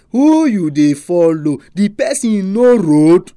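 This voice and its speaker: A preacher with a Nigerian accent delivering a sermon, full of animated, emphatic rhetorical questions. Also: mid-range voice, takes it slowly, no room sound, clean studio sound.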